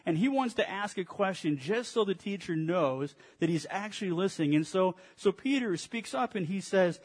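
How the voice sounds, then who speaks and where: High-voiced male pastor preaching. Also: expressive, normal speed, few pauses. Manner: storytelling, with dry sarcasm. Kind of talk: sermon.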